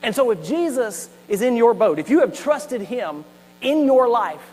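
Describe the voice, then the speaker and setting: A man's voice: very high-pitched, big pitch swings, normal speed, a little mellow. A man preaching a sermon as a pastor, telling the story animatedly with asides. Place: church sanctuary. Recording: hall reverb with faint mains hum.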